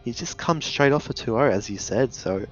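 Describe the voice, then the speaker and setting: A man's voice: mid-range voice, moderate pace, muffled recording, faint music behind. A man casting an esports match live, chatting casually with many ums and hesitations. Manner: animated, hesitant with many ums, laughs easily. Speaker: esports caster. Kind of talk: casual live game commentary.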